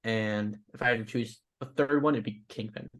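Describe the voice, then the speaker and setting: A young man co-hosting a podcast, chatting casually in a relaxed, hesitant way with many fillers. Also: lowish voice, moderate pace. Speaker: podcast co-host. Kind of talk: casual chat.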